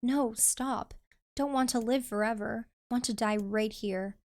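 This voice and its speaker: A fierce, wounded young woman warrior from a game story speaks in blunt, clipped lines, read out by a woman. Her voice sits a little high. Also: unhurried, a little mellow. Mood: defiant.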